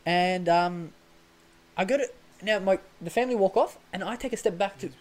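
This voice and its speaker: A young Australian man telling a travel story in a casual podcast chat, animated and slangy, often breaking into laughter. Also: sits high, moderate pace, low-quality recording. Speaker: podcast guest.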